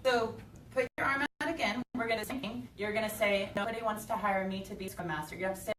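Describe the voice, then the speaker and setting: A woman's voice: medium pitch, steady tone, fast talker, crowd noise. A woman presenting a workshop, guiding a volunteer step by step in front of a small audience. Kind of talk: live workshop demonstration. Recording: echoey room, distant mic, background noise.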